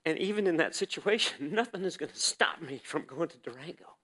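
A man preaching a personal testimony as a sermon, telling the story vividly and swinging between loud and hushed delivery. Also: on the high side, lively intonation, brisk.

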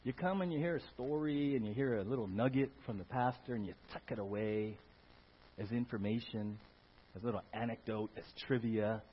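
A man preaching a sermon in church, talking in an animated way, rising to loud emphatic bursts and putting questions to the congregation. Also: mid-range voice, fairly quick, slight background noise. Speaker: pastor. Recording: dull lo-fi sound.

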